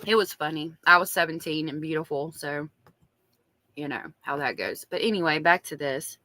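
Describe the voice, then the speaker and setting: A woman's voice: deep voice, moderate pace, bright, forceful tone, slight background noise. A woman with a strong Southern accent, reading diary entries aloud on a true crime live stream and chatting with viewers in between. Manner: chatty, reads diary aloud and reacts to chat.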